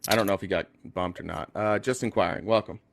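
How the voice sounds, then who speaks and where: A man's voice: fairly low pitch, quick pace, gravelly, dry recording. A man hosting a casual live stream, blunt and talking straight to his callers. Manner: blunt, talks to callers directly. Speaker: livestream host.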